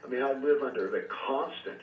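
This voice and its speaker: A man speaks as a reverend and exorcist on a call-in radio show. He recounts his experiences earnestly and at a measured pace, filling gaps with hesitations. His voice comes through a thin, phone-like line that sounds distant and echoey. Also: medium pitch, slight background noise. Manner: earnest, measured, storytelling with frequent fillers.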